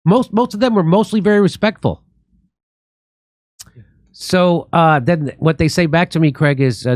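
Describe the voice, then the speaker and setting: A man's voice: a little high, moderate pace, pauses often, darkish tone, no echo, studio quality. A man hosting a political commentary talk show, ranting animatedly and mimicking friends in mocking voices. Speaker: comedian host.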